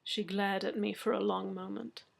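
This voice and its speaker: A woman reading a story aloud in a measured, soft-spoken narration. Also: medium pitch, little pitch movement, creaky. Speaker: story reader. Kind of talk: audiobook-style story narration.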